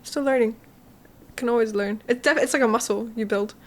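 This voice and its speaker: Young kiwi woman, guest on a podcast, deadpan jokes and swearing, voice a bit high. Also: a little fast. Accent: New Zealand. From New Zealand. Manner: joking, deadpan tall tales, swears freely. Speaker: guest musician. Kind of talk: casual chat.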